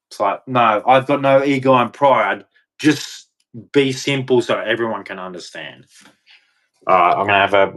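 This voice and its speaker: A man's voice: mid-range voice, a bit bright. A man hosting a casual live stream, reading aloud and breaking off into blunt, rambling, mildly crude rants. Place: home studio.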